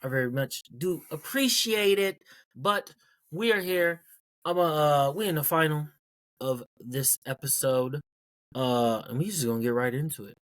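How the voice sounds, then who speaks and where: A man's voice: a little high, a little slow, fairly bright tone. A man hosting his own podcast in a casual solo rant, blunt and profane, repeating points for emphasis. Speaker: podcast host.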